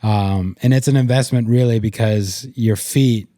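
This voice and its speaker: A man's voice: medium pitch, measured pace, dark tone, no echo, studio quality. A young man co-hosting a podcast, talking encouragingly with his partner, with small stutters and repeats. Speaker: podcast co-host. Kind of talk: casual conversation with partner.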